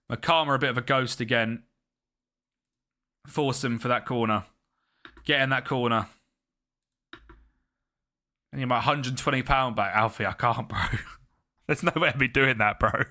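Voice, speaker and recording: A man streaming a football management game, commentating live and chatting with his viewers. He gets excitable and yells at the match. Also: mid-range voice.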